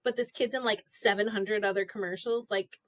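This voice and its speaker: A woman in her forties co-hosts a casual podcast chat, telling stories in a chatty way and putting on quoted voices. Her voice is medium-pitched with fairly even intonation, and she speaks briskly. It's recorded on a podcast microphone with no echo.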